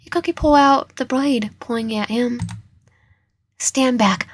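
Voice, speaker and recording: A woman's voice: fairly high pitch, normal speed, a little hiss or hum. A young woman reading a dating sim aloud, often stumbling over words and correcting herself. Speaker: gaming channel host.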